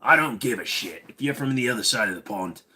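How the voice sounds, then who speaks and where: A man hosting a casual livestream, talking bluntly and crudely, his voice tiring and going hoarse. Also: mid-range voice, expressive, brisk, pushed and bright. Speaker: livestream host.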